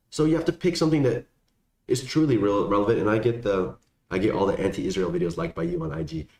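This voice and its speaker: A man's voice: on the low side, very animated, fast talker, darkish tone. A young man casually answering viewer questions, rambling and slangy with lots of fillers. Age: young adult. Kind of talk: casual Q&A chat. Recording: echoey room, faint background noise.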